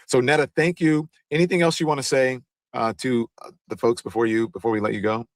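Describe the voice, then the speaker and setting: A man's voice: mid-range voice, steady tone, fairly quick, no room sound. A man hosting a livestream talk show, speaking casually and loosely, often stopping and restarting his sentences. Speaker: show host.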